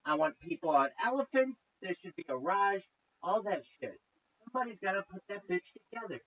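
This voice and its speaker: A man's voice: high voice, very animated, brisk, lo-fi sound. A man hosting a reaction video, ranting in casual commentary full of profanity and exasperation. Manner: profane, exasperated, loud rants.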